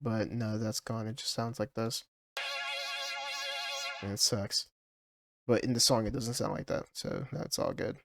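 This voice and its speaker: Low-voiced man casually walking through a track. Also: fairly even intonation, a little slow, pauses often, over music. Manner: hesitant, full of ums and likes. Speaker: music producer. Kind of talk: casual walkthrough of a song project. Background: his track playing clearly underneath.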